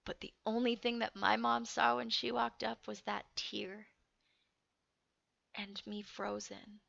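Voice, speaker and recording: Shaky woman with a gravelly edge. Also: mid-range voice, level tone, a bit bright, dry recording. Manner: shaky, halting, swears freely. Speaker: storyteller. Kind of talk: casual storytelling. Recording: muffled dry recording.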